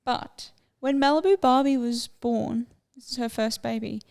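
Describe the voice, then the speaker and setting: A young woman co-hosts a podcast in a loose, chatty way, drifting from one topic to another. Her voice sits a little high and carries a steady gravelly fry. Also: measured pace. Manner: chatty, rambling, easily sidetracked. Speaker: podcast co-host. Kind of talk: casual chat.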